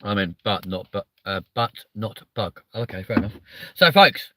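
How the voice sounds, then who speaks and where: A man's voice: on the low side, steady tone, moderate pace, fairly bright tone, a little hiss or hum. A man hosting a live stream, chatting casually, reading out the chat and swearing freely between lots of ums.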